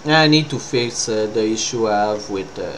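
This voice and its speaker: A man's voice: fairly low pitch, normal speed, slight background noise. A man with a French accent giving casual, rambling commentary over gameplay, sounding tired. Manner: rambling, with trailing fillers. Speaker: streamer.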